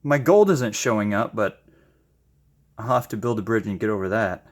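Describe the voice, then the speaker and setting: A man chatting casually while he paints, gushing with excited exclamations and making self-deprecating asides. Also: on the low side, normal speed. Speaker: paint-pouring channel host.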